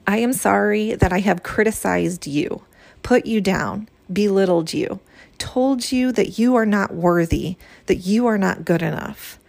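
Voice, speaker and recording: A woman's voice: mid-range voice, measured pace, gravelly, darkish tone. A woman hosting a spiritual podcast, speaking in an earnest, reflective way as she reads a healing prayer from her journal. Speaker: podcast host.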